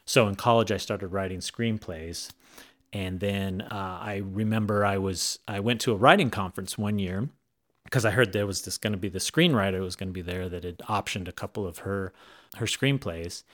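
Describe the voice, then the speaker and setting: A man with a fairly low voice tells his story in a relaxed interview. He rambles and restarts his sentences often, circling back before he finishes a thought. He stays animated and engaged throughout. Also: moderate pace. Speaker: author guest.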